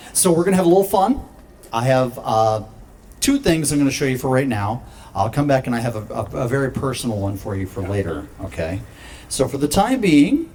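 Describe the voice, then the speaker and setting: A man's voice: mid-range voice, a little mellow, slight background noise. A man performing as a mentalist, joking with the crowd in showman patter. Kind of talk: stage patter. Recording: faint background ambience.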